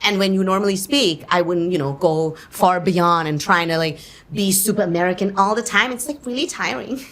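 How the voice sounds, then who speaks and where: A Thai-born woman whose first language is Thai, chatting in an interview as a guest, animated and quick to laugh, with plenty of fillers. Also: lowish voice. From Thailand. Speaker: actor and guest. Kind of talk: casual interview chat.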